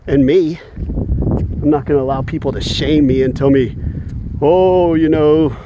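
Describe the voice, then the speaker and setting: A man's voice: medium pitch, fairly even intonation, moderate pace, lo-fi sound, noisy background. A man vlogging while walking outdoors in the evening, talking in a heated, indignant way and chuckling often between points. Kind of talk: casual rant while walking.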